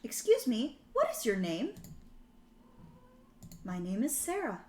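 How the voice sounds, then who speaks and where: A woman's voice: fairly high pitch, wildly swooping pitch, slow pace, darkish tone. A woman live-streaming her language study, reading prompts aloud, translating them and correcting herself as she goes in casual chat. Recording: echoey room with background noise. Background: keyboard typing and clicks.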